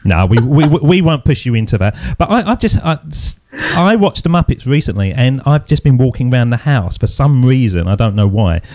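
Lively British man hosting with a warm voice. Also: mid-range voice, no echo. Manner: playful, teasing, quick asides. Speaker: podcast host. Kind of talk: casual interview chat.

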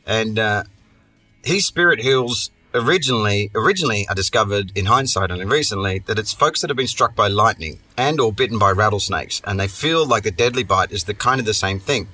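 A man's voice: on the low side, expressive, brisk, bright, forceful tone, soft background music. A man hosting a podcast, telling a story in a casual monologue full of profane, sardonic, rambling asides. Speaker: podcast host.

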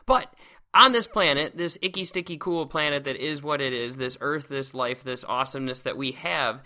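A man's voice: mid-range voice, moderate pace, pushed and bright. A man hosting a casual science lecture podcast, seated at a close microphone, exuberant and playful, heaping on words like awesome. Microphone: close microphone, speaking seated.

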